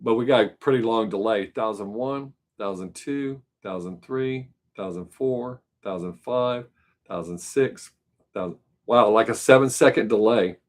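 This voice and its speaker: A man's voice: lowish voice, unhurried. A man hosting his weekly live stream, chatting casually with viewers in a musing, rambling, joking way.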